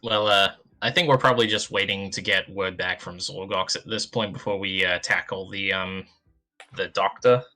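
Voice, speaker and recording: Deep-voiced hesitant male player. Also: steady tone, moderate pace, bright, forceful tone, soft background music. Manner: hesitant, full of fillers. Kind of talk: casual tabletop play.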